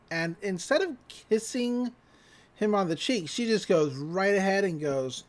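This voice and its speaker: A man co-hosting a podcast, recapping an episode in casual chat, laughing often and quoting characters in quick voices. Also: high voice, lively intonation. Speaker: podcast co-host.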